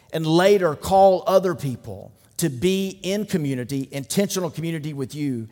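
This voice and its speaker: A man's voice: fairly high pitch, animated, normal speed, few pauses, darkish tone, long reverb tail. A middle-aged man, a pastor, giving a sermon in a conversational, joking manner, with asides to the congregation. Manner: conversational preaching with jokes and asides.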